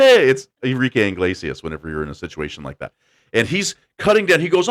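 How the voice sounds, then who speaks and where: Man, podcast host, casual storytelling, lively swings in pitch, mid-range voice. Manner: animated, laughing storyteller doing quick voices.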